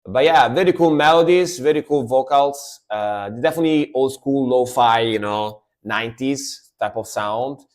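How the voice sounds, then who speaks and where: A man's voice: medium pitch, moderate pace, few pauses. A man, chatting casually and rambling as he reacts to music on a live stream. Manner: chatty, rambling, lots of fillers.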